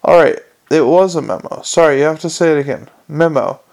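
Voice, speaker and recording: Man reading a tired grumpy watch commander, short dry answers, gravelly voice. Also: on the high side, a little fast, a little mellow. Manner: terse and dry. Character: weary, dry middle-aged male city watch commander.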